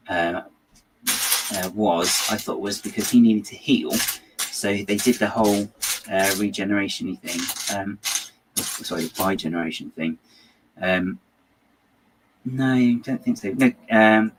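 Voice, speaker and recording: Guy rambling his opinions while building, kinda low voice, lots of ums, faint hum behind. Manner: rambling, hesitant, wry and opinionated. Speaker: host of a building channel. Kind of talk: casual chat while building.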